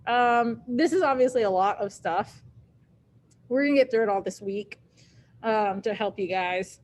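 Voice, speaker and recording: A woman's voice: fairly high pitch, measured pace. A woman teacher with a Southern US accent giving casual classroom instructions, full of "um"s and plain talk. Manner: casual, filler-heavy, plain-spoken.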